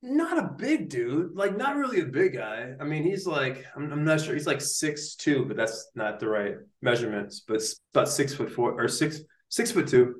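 Telling a story as a guest in a relaxed interview, this young neuroscientist is lively and full of slang, leaning constantly on "like" and "dude." He sounds on the high side, talks at normal speed with hardly any pauses, and the room echoes.

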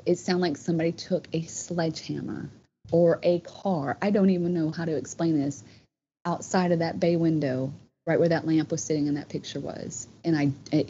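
Speaking in a low, mellow voice, a woman rambles warmly through a personal story as a podcast guest, saying "you know" often. The casual storytelling comes through dull lo-fi podcast audio with a bit of background noise.

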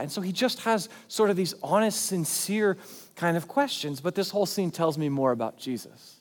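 A man preaching a sermon as pastor, in a conversational, animated way. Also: high voice, normal speed, big-room sound. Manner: conversational and animated, acting out quotes.

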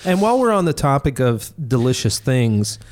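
A man co-hosting a casual podcast, chatty and halting with frequent restarts, recorded in a studio. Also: mid-range voice, very animated, a little mellow. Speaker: podcast co-host. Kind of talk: casual chat. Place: recording studio in a restored theater.

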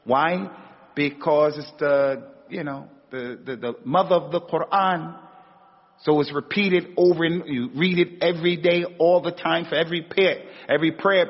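In a slightly high voice with a breathy edge, an American religious teacher delivers an Islamic lecture. He stresses his points, repeats key words, and climbs sharply on rhetorical questions, captured in a dull, echoey hall recording.

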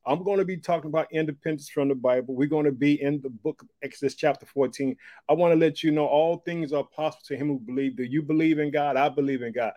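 A man preaches an uplifting podcast sermon, driving it with repeated rallying calls and questions to his listeners. His tone is warm and mellow rather than bright. The recording is dry, with no room echo. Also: on the high side, fairly even intonation, fast. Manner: repetitive call-and-response phrases, exclamatory. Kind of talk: encouraging sermon.

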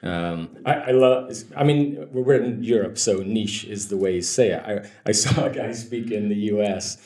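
A conversion optimization expert, a man, is an interview guest in a casual chat, blunt and joking and swearing freely. His fairly low voice is a little mellow, moving at a moderate pace, and the sound is roomy.

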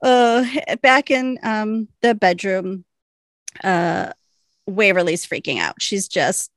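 A woman's voice: mid-range voice, slow pace, dry recording, clean studio sound. A young woman co-hosting a podcast, recapping episodes in a rambling, chatty way full of fillers and laughter. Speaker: podcast co-host. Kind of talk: casual recap chat.

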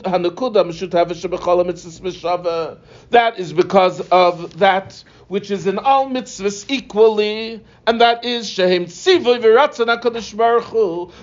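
A man teaching a religious text line by line, explaining and asking rhetorical questions. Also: sits high. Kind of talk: text-study lesson. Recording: dull lo-fi recording.

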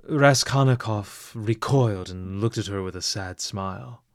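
Male audiobook narrator, measured expressive reading, very slow, dry close sound. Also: on the low side, dry recording.

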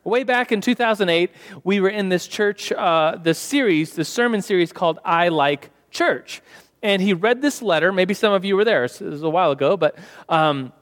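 A man's voice: high-pitched, normal speed, a bit bright. A young man teaching a church Sunday school class in a casual, chatty way, full of fillers and restarts. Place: church hall. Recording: long hall reverb.

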